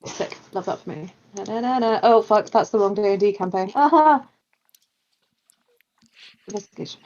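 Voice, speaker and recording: A woman's voice: medium pitch, expressive, normal speed, darkish tone, slight background noise. A woman playing a tabletop game, blunt and cheerful, swearing often. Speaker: player. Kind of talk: casual tabletop game chat. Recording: slightly dull lo-fi mic.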